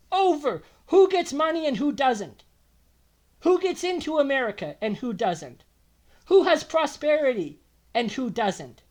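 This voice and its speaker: A young man from Alberta delivering a heated, emotional political rant, repeating himself and turning sarcastic. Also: extremely high pitch. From Alberta, Canada. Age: young adult. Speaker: political vlogger.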